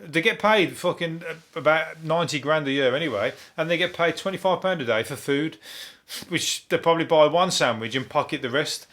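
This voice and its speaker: A man's voice: fairly high pitch, brisk, fairly bright tone. A man hosting a comic news monologue, rambling and swearing, laughing at his own jokes. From Birmingham, England. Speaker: comedian podcast host.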